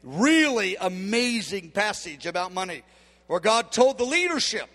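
A man's voice: sits high, sing-song, measured pace, fairly bright tone. A man in his fifties preaching a sermon, emphatic and acting out the dialogue he quotes. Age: 50s. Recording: long hall reverb.

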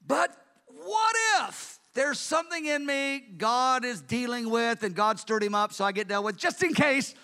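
A man preaching a sermon, telling the story in an animated, conversational way. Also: very high voice, a little slow, in a large hall.

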